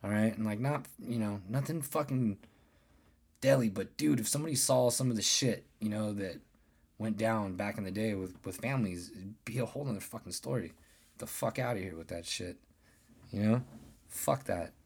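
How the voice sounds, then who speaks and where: A man's voice: fairly low pitch, normal speed, a little mellow, slightly rough. A man in his thirties hosting a podcast, ranting casually and rambling with lots of swearing and restarts. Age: 30s. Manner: profane, rambling, restarts often. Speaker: podcast host. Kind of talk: casual solo podcast rant.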